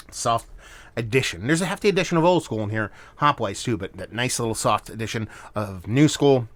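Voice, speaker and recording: A man's voice: mid-range voice, a bit bright. A man giving a casual solo beer review, rambling and hedging with plenty of fillers and restarts.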